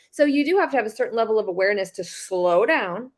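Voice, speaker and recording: A woman's voice: a little high, lively intonation, fast. A woman co-hosting a career podcast, talking casually and reassuringly about coaching clients.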